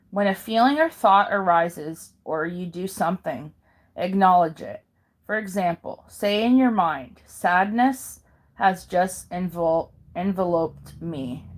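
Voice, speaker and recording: A woman reading handouts aloud in a careful, halting way, pausing and correcting herself now and then. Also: lowish voice. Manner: slow careful reading with pauses and self-corrections. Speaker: video maker.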